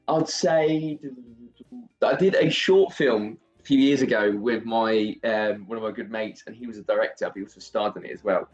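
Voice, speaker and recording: A young man with a Southeast London accent, an actor chatting casually as a guest, rambling and quick to laugh. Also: on the low side, muffled recording. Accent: Southeast London English. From England. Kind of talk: casual interview chat.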